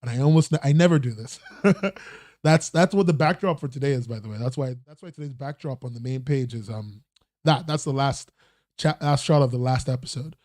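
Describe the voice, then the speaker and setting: A man's voice: medium pitch, fairly quick, darkish tone, no echo, studio quality. A man hosting a casual livestreamed news roundup podcast, rambling and restarting, swearing casually. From not American. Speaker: podcast host.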